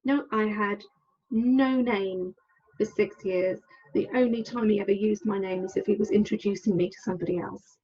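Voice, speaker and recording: Woman, husky, hesitant and candid, dull call audio. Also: medium pitch, fairly even intonation, normal speed, darkish tone. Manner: candid, hesitant, acts out quoted lines. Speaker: podcast guest. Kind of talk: personal story in an interview.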